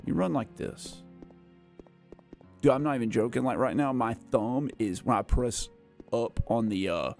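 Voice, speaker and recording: A man's voice: medium pitch, moderate pace, darkish tone, soft background music. A man hosting a casual gameplay livestream, rambling and self-mocking as he chats, tired and worn out. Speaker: gaming livestream host. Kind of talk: casual live gameplay chat.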